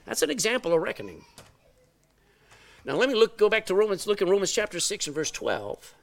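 Animated preaching man, lively pitch. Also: brisk, vocal fry. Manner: animated storytelling, swings from loud exclamations to quiet asides. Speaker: pastor. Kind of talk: sermon.

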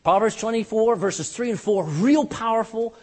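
An older man preaching a sermon as pastor, animated and joking, with rhetorical questions to his congregation. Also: high-pitched, moderate pace.

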